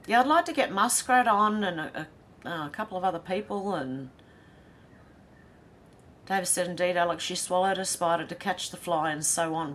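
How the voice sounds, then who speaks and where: A woman's voice: low-pitched, fairly bright tone, slight background noise. A woman with an Australian accent hosting a casual livestream, reading viewer comments aloud and chatting with a laugh. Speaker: livestream host reading chat. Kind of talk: casual chat.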